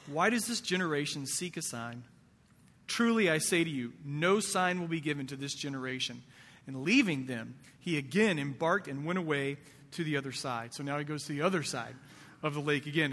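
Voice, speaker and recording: Man, pastor, sermon, high voice, conversational, rhetorical questions, long hall reverb. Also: pushed and bright.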